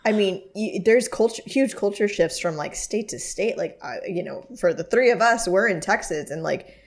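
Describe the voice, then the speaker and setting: This Texas podcast co-host has a mid-range voice and talks at a normal speed. In casual chat, she tells stories loosely and ramblingly, packing in plenty of fillers.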